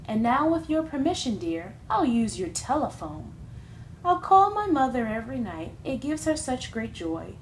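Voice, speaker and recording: A woman's voice: fairly high pitch, slight background noise, rough recording. A woman voicing a smug, rambling male glunk creature in a read-aloud storybook. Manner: gabbing, rambling, sweetly pushy.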